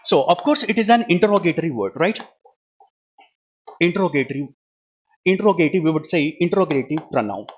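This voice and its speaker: A man's voice: on the high side, expressive, a little fast, long pauses, highs cut off, slight background noise. A man teaching a live online grammar class, who keeps asking questions, answering them himself and adding "right, ma?". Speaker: English teacher.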